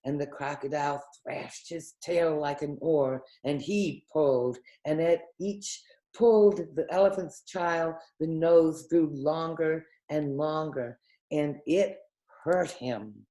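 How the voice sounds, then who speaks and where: A woman reading a children's story aloud in a gentle, expressive storytelling manner. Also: deep voice, takes it slowly.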